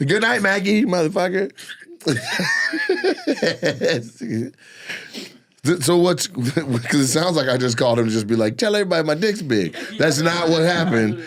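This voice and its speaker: A man co-hosting a comedy podcast, telling a story in a crude, animated way with frequent laughter. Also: on the high side, slow, long pauses. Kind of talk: casual chat, storytelling.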